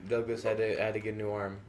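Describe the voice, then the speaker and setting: A man's voice: on the low side, level tone, quick pace, a loud crowd. A man chatting casually while playing a game, rambling through a silly made-up story. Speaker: let's play commentator. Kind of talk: casual gaming chat.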